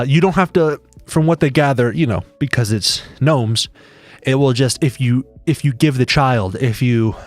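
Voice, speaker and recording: A man's voice: medium pitch, no room sound. A man chatting casually on a live stream, rambling and joking with many restarts.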